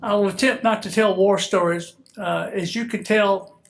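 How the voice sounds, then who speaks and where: A man's voice: sits high, steady tone, normal speed, vocal fry. An older man with a Southern US accent, a retired military officer giving an easygoing, joking speech at an event while a little stuffy and congested. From Georgia, US.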